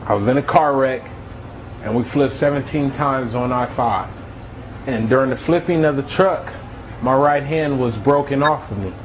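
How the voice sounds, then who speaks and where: A man's voice: medium pitch, moderate pace, slight background noise, poor audio. A man telling his own near-death story as a testimony, with emotional storytelling.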